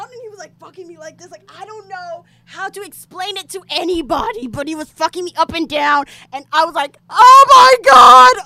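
A young woman from the United States talks in a high, bright, forceful voice. She tells her story in loose, animated chat with many filler words. At times she bursts into loud shouting. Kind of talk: casual chat, explicit storytelling.

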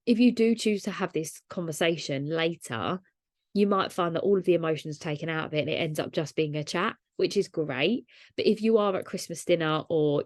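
Casting note: woman, podcast host, low voice, dry close sound, chatty and reflective. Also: dry recording. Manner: conversational, reflective, uses rhetorical tags like "right?". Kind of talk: solo podcast talk.

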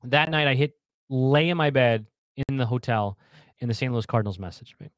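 Man in his thirties, casual storyteller who stumbles and restarts, mid-pitched, dry recording. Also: brisk, clean tone, dry recording. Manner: animated storyteller, repeats words, acts out the yelling fans. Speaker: fan telling a story. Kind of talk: casual chat on a video call.

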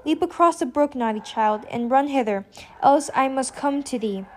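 Woman reading troubled young mother, pleading, archaic speech, fairly high voice, storybook. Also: normal speed, a little hiss or hum, natural voice. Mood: urgent. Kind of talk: audiobook character reading.

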